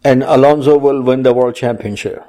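A man's voice: medium pitch, normal speed, warm tone. A man co-hosting a casual chat, reading news items aloud with playful puns and quotes. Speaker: co-host.

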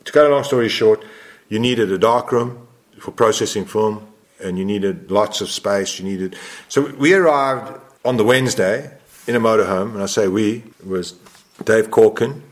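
Older man, low voice, rambling interview anecdote, self-correcting. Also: normal speed. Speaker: motorsport photographer guest. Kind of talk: interview storytelling.

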